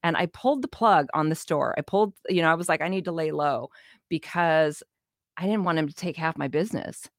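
A middle-aged woman, a guest in an interview, telling her life story in a casual, animated way, acting out quoted dialogue and laughing often. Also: sits low, brisk, no echo, studio quality. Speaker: interview guest, business owner.

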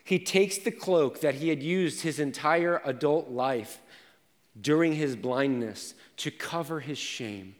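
A man preaching a sermon as pastor, telling personal stories and moving from quiet reflection to intense emphasis. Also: on the high side, slow pace, long reverb tail.

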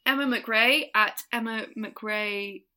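A woman's voice: fairly high pitch, slow, bright, forceful tone. A woman co-hosting a podcast in casual chat, giggly and self-mocking. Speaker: podcast co-host.

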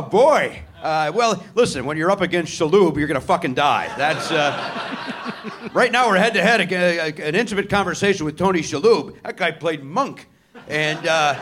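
A man's voice: on the high side, a bit bright. A man hosting a live comedy podcast on a theater stage, riffing sarcastically and mocking himself. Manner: sarcastic, self-deprecating riffing with crowd. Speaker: podcast host.

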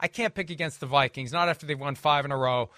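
A talkative man hosts a football picks podcast, wry and quick to correct himself. His voice sits high and bright, recorded close and dry. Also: dry recording. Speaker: podcast host. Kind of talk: casual sports podcast analysis.

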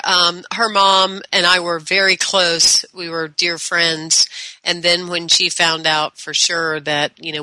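Bright, crisp woman host. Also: deep voice, no echo, poor audio. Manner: affirming, shares her own story in turn. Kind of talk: interview conversation.

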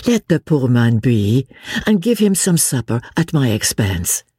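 A woman voicing a charming young noblewoman with a slight French accent, speaking in a low, musical, sing-song way in an audiobook. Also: sing-song, a little slow, dark tone, breathy edge, dry recording, studio quality, full character voice. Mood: merry. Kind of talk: audiobook reading.

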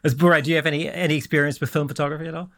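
A man co-hosting a podcast, upbeat and quick to laugh. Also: fairly high pitch, steady tone, fairly bright tone, no echo. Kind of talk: casual podcast chat.

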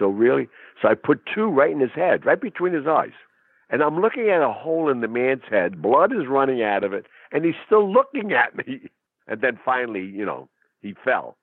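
A husky man telling a dramatic story in conversation, acting out quotes in a tough-talking way. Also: on the low side, no echo. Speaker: interview guest. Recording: phone-like narrow sound, dry.

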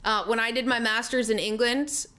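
A woman with a Canadian American accent hosting a chat show, upbeat and quick to react. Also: fairly high pitch, steady tone, pushed and bright, clean tone, soft background music. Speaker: show host. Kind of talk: casual chat.

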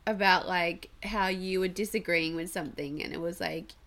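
A woman's voice: fairly low pitch, moderate pace, a bit bright. A woman hosting a podcast, chatty and giggly, explaining pagan customs in a casual way. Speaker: podcast host.

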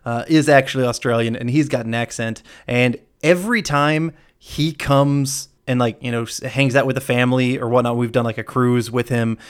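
A man's voice: mid-range voice, steady tone, normal speed, few pauses, clean tone. A man hosting a podcast, chatting casually and jokingly, often laughing and rambling. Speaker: podcast host.

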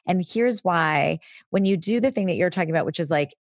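Woman w/ a lowish voice, calm explainer, dry close sound. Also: a little fast, no room sound. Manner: explanatory, briefly acts out parent and child lines. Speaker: parenting expert guest. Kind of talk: casual chat.

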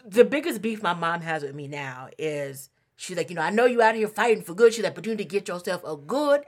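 A woman's voice: lowish voice, fairly quick. A woman chatting casually, telling family stories with lots of laughter and acted-out quotes. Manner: animated storyteller, acts out quotes, laughs often. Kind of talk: casual chat.

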